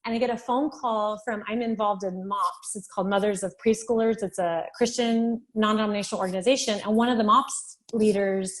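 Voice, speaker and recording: A woman in her thirties, a physician assistant, telling her story as a podcast guest, animated and at times tearful. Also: medium pitch, rough recording. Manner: animated storytelling, acting out dialogue. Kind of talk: podcast interview, personal testimony.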